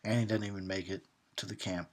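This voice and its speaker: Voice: low voice, fairly even intonation, fast, darkish tone. Tipsy, foul-mouthed horror host. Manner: profane, rambling, often laughing. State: drunk. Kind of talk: drunken movie commentary.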